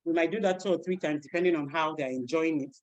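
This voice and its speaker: A woman's voice: deep voice, fast, lo-fi sound. A woman teacher and storybook author, playfully demonstrating how she reads a story to young children in class. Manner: animated, playful, laughing.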